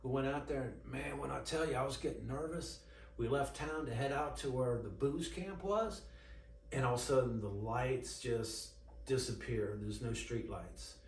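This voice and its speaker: A man's voice: mid-range voice, moderate pace, a little hiss or hum. Middle-aged man rambling a story. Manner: rambling retelling full of quoted dialogue and fillers. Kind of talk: casual spoken storytelling. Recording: roomy and distant with faint ambience.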